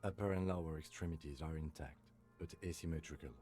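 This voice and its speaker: A man voicing a calm, methodical police lieutenant in a video game, speaking in a clinical, measured, dry way. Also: extremely low pitch, faint music behind.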